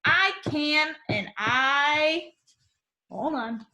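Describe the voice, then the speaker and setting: Young woman teacher, slightly high voice, bright and unhurried, sing-song with small kids. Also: animated. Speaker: kindergarten teacher. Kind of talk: remote classroom lesson.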